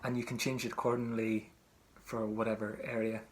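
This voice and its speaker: A man's voice: on the low side, flat delivery, fairly quick, a little hiss or hum. A man teaching a traditional song, speaking patiently and repeating each phrase for learners to sing back. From Ireland. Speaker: singing teacher. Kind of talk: online singing lesson.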